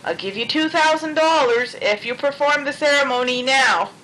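A pushy, lovesick male jackalope who wheedles and schemes to get his way, as a woman reads him. The voice sits high and bright. A faint hiss runs behind it. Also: normal speed, rough recording. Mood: scheming.

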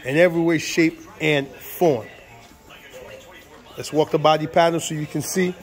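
High-voiced hyped-up car salesman man. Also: fairly even intonation, moderate pace, faint music behind. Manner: hyped, playful salesman patter with lots of repetition. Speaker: used car dealer. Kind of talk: casual sales walkaround video. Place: outdoor car lot under tents.

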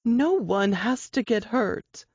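A steady, brave woman speaks slowly and soothingly to defuse danger, as a woman reading a story puts her on. Her tone is lively, and the recording is dull and lo-fi. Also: a little high, dry recording, pitched above the performer's own voice, exaggerated voice. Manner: calm, slow and soothing. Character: calm, brave woman teacher talking down a gunman.

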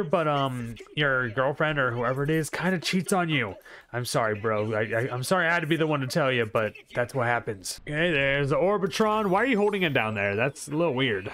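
Here the same kind of gaming channel host, a young man, offers rambling, sarcastic commentary as he plays, frequently answering the game's characters. His pitch is a little high and his tone fairly bright.

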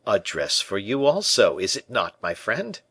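A man's voice: fairly low pitch, wildly swooping pitch, unhurried, a bit bright, slightly rough, no echo, exaggerated voice. A man voicing a curious, jovial male musketeer in a storybook reading, teasing and probing his friend.

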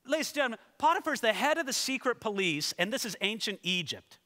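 A man's voice: extremely high pitch, quick pace. Guy preaching a sermon, talks right at the crowd, long echo in a big hall. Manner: animated, talks straight to listeners. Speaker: pastor. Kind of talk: expository sermon.

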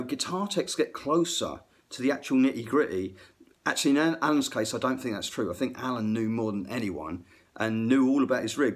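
A middle-aged man, a guitar tech, chatting to camera about music theory in a rambling, excitable way that often interrupts itself. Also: medium pitch. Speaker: guitar tech and aspiring guitar teacher. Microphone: phone camera.

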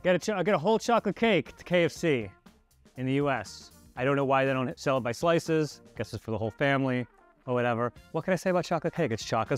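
A man casually reviewing fast food on camera, candid and offhand, with bursts of enthusiasm. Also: mid-range voice. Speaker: food show presenter.

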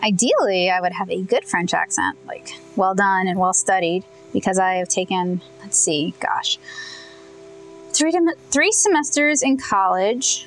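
A young woman from Louisiana, chatting casually as she paints, thinking out loud and correcting herself as she goes. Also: mid-range voice, expressive, measured pace, faint music behind, rough recording. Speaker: comic artist testing paints.

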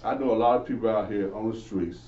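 A man's voice: lowish voice, steady tone, quick pace, dark tone. Earnest man teaching the Bible, echoey. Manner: earnest, preachy, asks and answers himself. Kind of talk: informal Bible lesson. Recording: echoey, distant, dull lo-fi.

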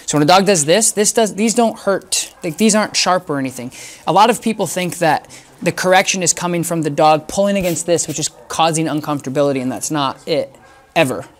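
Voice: mid-range voice, a little fast. A dog trainer explaining in a casual, emphatic way, repeating phrases for effect while working with a dog. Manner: talks to the dog in soft whispers between explanations. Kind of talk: casual instructional talk.

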